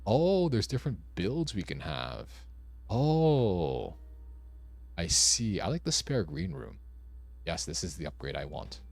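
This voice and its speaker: Deep-voiced man thinking aloud over gameplay. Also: wildly swooping pitch, slow pace, creaky. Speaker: streamer. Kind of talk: casual gameplay commentary.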